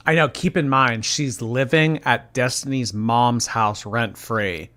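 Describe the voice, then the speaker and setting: Male commentary host, bright forward tone, sarcastic and blunt delivery. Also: medium pitch, slow pace, soft background music. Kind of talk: casual reaction commentary.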